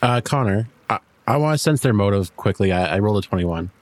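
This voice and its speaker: A man's voice: fairly low pitch, animated, fast talker. Hesitant man at a tabletop game. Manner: hesitant, stammering. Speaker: player. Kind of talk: casual tabletop game chat.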